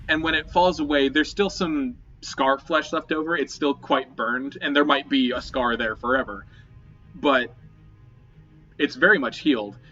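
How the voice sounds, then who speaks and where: A man's voice: mid-range voice, sharp tone, highs cut off. A man narrating as game master of a tabletop game, describing scenes loosely with many fillers and restarts.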